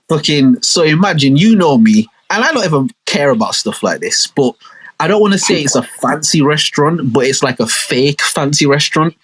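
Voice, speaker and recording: A young man telling a story on a podcast, animated and full of street slang. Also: on the high side, moderate pace, slight background noise, rough recording. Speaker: podcast co-host. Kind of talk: casual storytelling chat.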